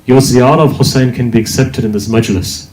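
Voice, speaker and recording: A man's voice: medium pitch, steady tone, fairly quick, darkish tone. A man preaching a religious sermon, speaking emphatically and asking rhetorical questions. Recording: echoey hall.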